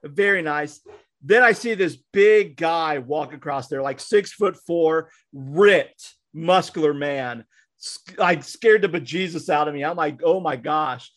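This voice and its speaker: On a casual podcast, a man who is both a co-host and a minister tells a story in a voice that sits fairly high for a man. He speaks a little slowly with a fairly bright tone, acting out the quotes and restarting his sentences as he goes.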